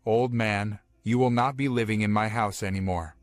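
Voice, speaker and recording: A man voicing a calm, serious young male hero who knows the future, giving firm instructions in a comic-book recap. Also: on the low side, moderate pace, no echo, close to an everyday voice.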